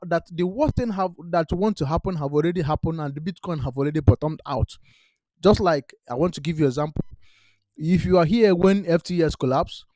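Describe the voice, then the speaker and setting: With a high, mellow voice and no echo, a man hosting a crypto channel speaks directly to viewers about investing. He is emphatic and repetitive, often asks "all right?", and his grammar is non-native.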